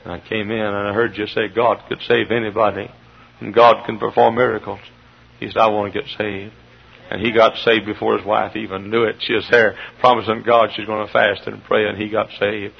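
Fervent preacher man with a gravelly voice. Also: little pitch movement, fairly quick. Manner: fervent preaching that swings from low murmurs to shouted peaks. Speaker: pastor. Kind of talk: sermon. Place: church sanctuary. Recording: dull lo-fi sermon recording.

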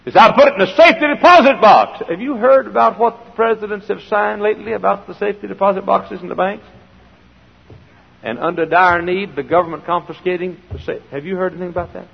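A man preaching a sermon in a folksy style, full of rhetorical questions, swinging between loud and hushed. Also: high-pitched, fast, vocal fry, husky. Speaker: pastor. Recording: dull old sermon recording in a large hall.

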